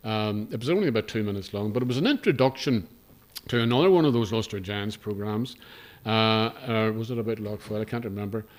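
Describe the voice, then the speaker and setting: A man's voice: lowish voice, fast talker, a little mellow. An older man with a Northern Irish accent, giving a humorous, rambling talk to a live audience in a hotel function room, full of asides and self-deprecating remarks. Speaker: guest speaker, broadcaster.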